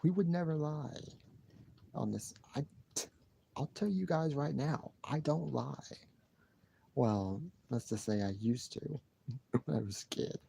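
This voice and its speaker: A man's voice: mid-range voice, measured pace, vocal fry, long pauses, warm tone, husky. A man chatting casually on a live stream, rambling and repeating himself with sighs and restarts.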